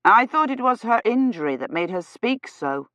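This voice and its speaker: A woman reading aloud, voicing a young knight who speaks slowly and stresses every word. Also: on the high side, very animated, a bit bright, no room sound, pitched above the performer's own voice. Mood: puzzled. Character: earnest young knight, slow and over-distinct. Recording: slightly dull, dry audio.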